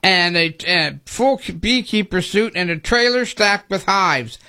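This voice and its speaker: High bright man reading news stories. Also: lively intonation, unhurried. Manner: reads stories aloud with dry quips and laughs. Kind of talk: casual news chat.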